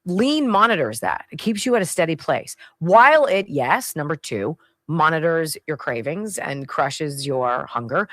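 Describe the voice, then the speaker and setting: Lady radio host, opinionated commentary, sarcastic, very animated voice. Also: sits low, a little slow, few pauses, dry recording. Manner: emphatic, sarcastic, reads ad copy with hard sell.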